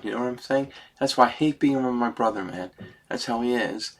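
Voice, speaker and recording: A middle-aged man pours out his feelings in a rambling personal vlog. He sounds close to tears and keeps dropping "man" at the ends of sentences. His voice sits at an ordinary middle pitch. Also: fast talker, a bit bright. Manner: rambling, emotional, says "man" often.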